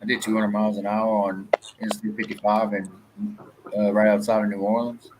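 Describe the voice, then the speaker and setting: A man's voice: lowish voice, level tone, brisk. A man in casual, profane banter, hosting a chat. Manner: profane, laid-back banter. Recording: faint background noise.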